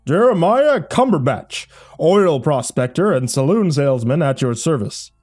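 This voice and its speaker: An exuberant goofball bellows theatrically in an old-timey manner, his voice pitched high above the narrator's own, as a man puts him on. The tone is mellow and dark-edged, and faint music plays under this horror audiobook. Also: sing-song, unhurried. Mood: hamming. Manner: theatrical, booming, archaic put-on accents.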